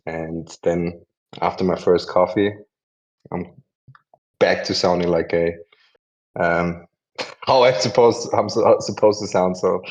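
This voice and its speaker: A man's voice: low-pitched, steady tone, takes it slowly, long pauses, a little mellow. Chatty man hosting on dull lo-fi audio. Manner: chatty, rambling, self-correcting, laughs often. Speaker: host of a community audio event. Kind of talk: casual chat and introduction.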